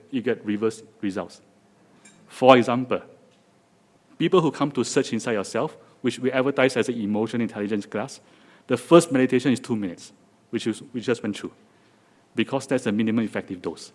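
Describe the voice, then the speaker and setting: A man's voice: mid-range voice, a little fast, a little mellow. A man with a Singaporean accent giving a joking, chatty talk to a live audience in a lecture hall, with many restarts. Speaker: guest speaker.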